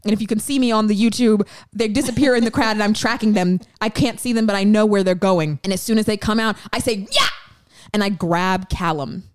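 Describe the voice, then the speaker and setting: A young adult woman co-hosting a podcast, telling a story with lively, excited delivery and acting out the quotes. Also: mid-range voice, dry recording. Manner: fast, excited, acts out quotes. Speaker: podcast co-host. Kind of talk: animated storytelling.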